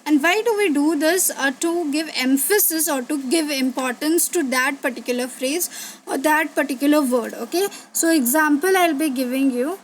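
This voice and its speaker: A young woman teacher with a high voice explains terms patiently to her students, pausing on fillers and repeating herself. Faint background noise sits under her recording. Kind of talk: online revision lesson.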